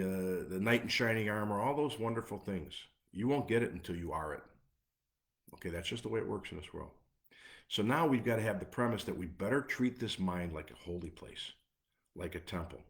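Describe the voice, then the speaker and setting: Emphatic Chicago man coaching live. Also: sits low. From Midwest US. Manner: emphatic, repetitive, punchy lists. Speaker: anxiety coach. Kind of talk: live motivational talk.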